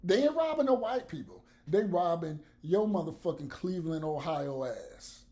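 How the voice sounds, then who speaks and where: A man's voice: a little high, animated, moderate pace, dark tone. A man vlogging blunt, profane commentary to the camera, with laughs between his points.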